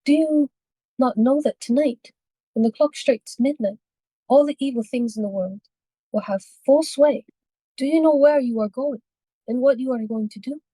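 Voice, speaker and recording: A woman's voice: high voice, moderate pace, dark tone, no room sound, voice pushed up. A woman voicing a frightened old woman who urgently pleads with a traveler in a read-aloud story. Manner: urgent, imploring.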